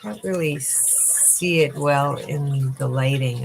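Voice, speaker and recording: A middle-aged woman hosting a casual livestream, talking in a halting way with many fillers and frequent laughs, tired and yawning. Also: deep voice, creaky, a little mellow, slight background noise. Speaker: livestream host.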